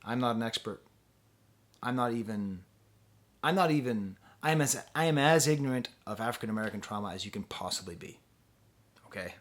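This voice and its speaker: Guy talking thru an album review, kinda hesitant, chuckles a lot, regular pitch. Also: expressive, fairly quick, long pauses. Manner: musing, hesitant, laughs often. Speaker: music reviewer. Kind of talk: casual spoken album review.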